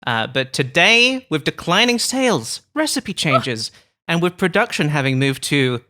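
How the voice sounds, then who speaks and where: Woman podcast host, bright lively voice, jokey and self-mocking. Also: low voice, moderate pace. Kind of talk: casual podcast chat.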